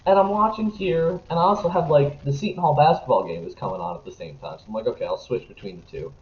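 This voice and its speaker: A young man on a sports podcast, ranting and swearing as he swings from low grumbling to loud outbursts. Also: fast. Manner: animated, profane, jumps between grumbling and shouting. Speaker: podcast co-host. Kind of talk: casual sports podcast rant. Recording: roomy, slightly dull podcast audio.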